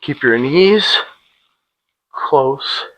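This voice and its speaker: A man's voice: mid-range voice, lively intonation, very slow, fairly bright tone, low-quality recording. A middle-aged man leading a workout drill in a casual, joking way, calling out cadence counts with a clip-on mic. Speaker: fitness instructor. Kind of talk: demonstrating an exercise drill.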